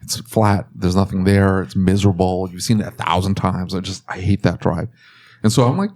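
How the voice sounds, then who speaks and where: A man co-hosting a casual podcast chat, telling stories with loud acted-out outbursts. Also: deep voice, brisk. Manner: animated storyteller, rants with loud acted-out outbursts. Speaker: podcast co-host.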